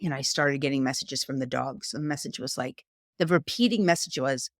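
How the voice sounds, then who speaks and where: A middle-aged woman from New York with a New York accent, telling her story as a guest in an animated, chatty way. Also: rumbling low, a little fast, no room sound, studio quality. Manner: animated, chatty, uses "like" often. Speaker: guest, psychic and spiritual teacher. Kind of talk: conversational storytelling.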